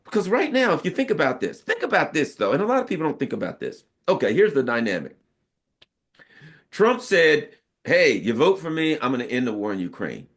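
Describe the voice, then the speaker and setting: A man's voice: on the high side, sing-song, brisk, a bit bright. A man from the United States giving emphatic, casual political commentary with frequent rhetorical asides.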